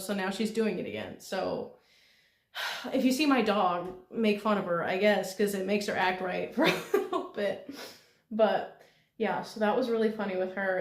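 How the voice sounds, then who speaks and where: A young woman from the United States telling a rambling, casual diary vlog, laughing often. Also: medium pitch. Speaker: vlogger. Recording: echoey room.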